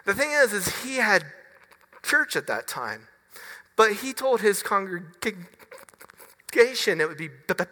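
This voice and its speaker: A male pastor preaching a sermon with a personal story, earnest and halting, often restarting his words. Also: high voice, big pitch swings, sharp tone. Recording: reverberant hall.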